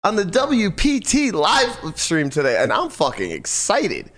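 Lively, easygoing male host. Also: sits high, a little slow. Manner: easygoing, laughing, swearing. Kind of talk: casual chat.

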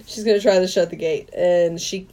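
A woman with a slightly low-pitched voice recaps a movie on a casual podcast. She is animated and laughs easily, and she slips into the characters' lines as she retells the plot. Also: crowd noise. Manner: animated storytelling, quick to laugh, acts out quoted lines. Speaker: podcast co-host.

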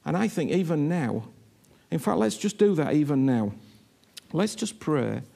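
Male preacher, high and gravelly, emphatic sermon delivery with repeated words. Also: sing-song, measured pace. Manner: emphatic, repeats words, voices imagined speakers, drops low and soft in prayer. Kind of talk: sermon with prayer.

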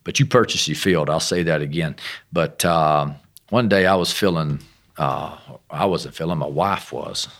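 A middle-aged American man, a missionary guest, telling a personal story in a casual, animated way with self-deprecating humor. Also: very deep voice, moderate pace. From United States.

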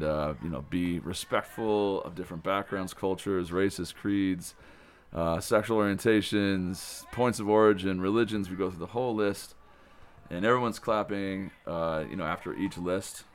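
Male camp director, lower voice, warm enthusiastic storyteller, loose and rambling. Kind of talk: casual spoken recap of the day.

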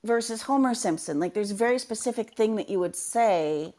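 A woman chats casually among friends, lively and playful. Her voice sits at an ordinary middle pitch for a woman. She sounds like a game master sharing tips with friends. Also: brisk. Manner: animated, playful, drops into silly voices. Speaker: tabletop game master, podcast panelist. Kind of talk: casual chat.

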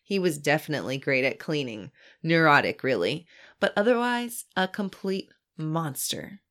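A woman's voice: low voice, big pitch swings, normal speed, a bit bright. A woman co-hosting a podcast, retelling a story in casual chat and laughing easily. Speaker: podcast co-host.

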